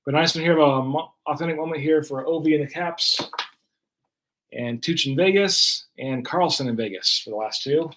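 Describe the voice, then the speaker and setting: A man's voice: a little high, normal speed, noisy background. Chatty man calling out trading cards. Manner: chatty, running play-by-play of cards. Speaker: card break host. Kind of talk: casual live-stream commentary.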